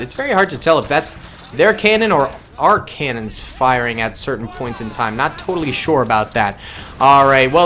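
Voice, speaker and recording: A gaming channel host from suburban Massachusetts gives casual commentary on a battle simulation, thinking aloud and correcting himself as he goes. His voice is fairly high for a man with a sharp tone, and he reacts quickly to what he sees.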